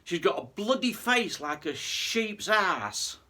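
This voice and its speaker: A man's voice: sits high, sing-song, slow, pushed and bright, voice pushed up, exaggerated voice. A man voicing a furious middle-aged union man who rants with indignation in a joke. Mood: fuming. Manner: ranting, indignant.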